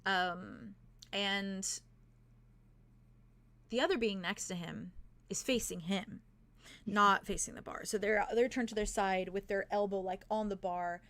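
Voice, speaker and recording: A woman's voice: medium pitch, measured pace, fairly bright tone. A young adult woman narrating a tabletop game as game master, describing scenes with frequent fillers.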